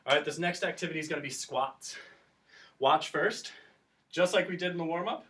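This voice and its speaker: Heard from far off the mic, a man with a fairly high, fairly bright voice talks a little quickly as he teaches kids an exercise class. Panting from the exertion, he counts down repetitions and explains each move in what is an instructional workout video.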